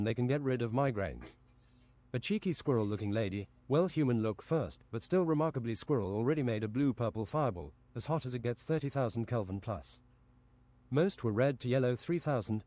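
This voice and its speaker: Deadpan man reading a fantasy tale. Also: mid-range voice. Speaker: streamer reading his own story. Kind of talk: reading an absurd fantasy story aloud.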